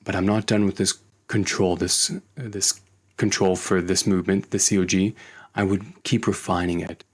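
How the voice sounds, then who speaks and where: A man teaching animation in a screen-recorded tutorial, relaxed and thinking aloud as he works. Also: sits low, normal speed, slightly rough. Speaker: animation instructor.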